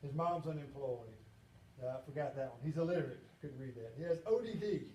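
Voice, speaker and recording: A man with a mid-range voice speaks fairly quickly, telling humorous stories in a conversational banquet talk and animating quoted voices. The sound is lo-fi with slight background noise, plus echo and faint ambience from the banquet hall.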